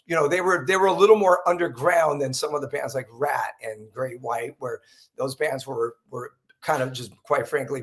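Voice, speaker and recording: A man from Southern California, a metal singer, telling rambling anecdotes in a casual interview. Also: mid-range voice. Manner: rambling anecdotes with quoted dialogue. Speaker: guest, heavy metal singer.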